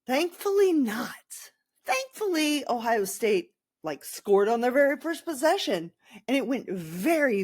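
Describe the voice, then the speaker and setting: Young adult woman host, casual sarcastic sports rant, slow and rambling. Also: fairly low pitch, no room sound, clean studio sound. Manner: animated, sarcastic, rambling with asides. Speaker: podcast host.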